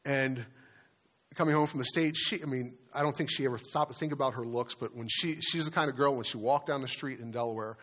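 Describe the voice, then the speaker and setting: A middle-pitched man in his fifties delivers a sermon as a pastor. He talks in an earnest, conversational way, telling personal stories with restarts. He slows down and drops his voice to a near hush on the words he wants to stress.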